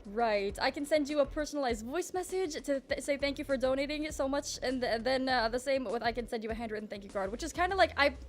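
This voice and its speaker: A young woman streamer with a groggy morning voice, chatting in a rambling, casual way and greeting her chat. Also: sits high. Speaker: livestreamer.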